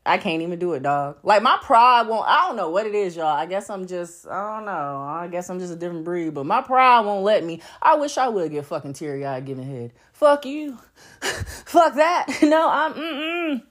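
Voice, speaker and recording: A woman's voice: medium pitch, moderate pace. A woman hosting a casual podcast monologue, blunt and profane, laughing often as she talks. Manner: animated, swooping delivery. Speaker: podcast host.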